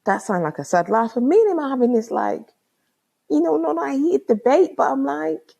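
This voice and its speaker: Lively, husky London woman podcaster. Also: high voice, a little fast. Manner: animated, slangy, exclaiming and acting out both sides of a chat. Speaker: podcast host. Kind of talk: casual storytelling monologue.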